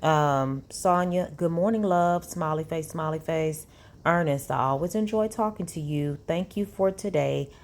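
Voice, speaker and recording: A woman's voice: deep voice, a little slow. A woman reads text messages aloud and breaks in with sassy, incredulous asides as a commentary vlogger.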